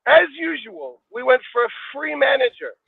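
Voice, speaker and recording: An angry, swearing man calls in to a fan show, his voice pitched very high with a gravelly edge. He comes through a narrow, tinny line that sounds dry, with no room around him. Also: lively intonation, dry recording. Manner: angry, swearing, fast-talking. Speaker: guest fan. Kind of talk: heated fan call-in chat.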